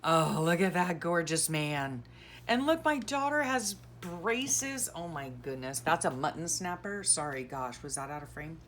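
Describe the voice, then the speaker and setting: Going through her craft keepsakes, a middle-aged vlogger talks in a low, expressive voice at a measured pace. The decluttering chat is casual and sentimental, full of gushing and rambling, with slight background noise.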